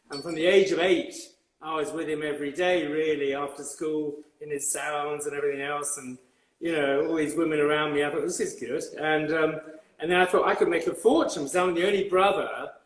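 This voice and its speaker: A man's voice: fairly high pitch, roomy sound, low-quality recording. Older man with a posh English accent. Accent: old-fashioned upper-class English. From England. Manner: rambling and halting, with many repeated words and fillers. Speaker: guest hairdresser. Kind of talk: conversational interview.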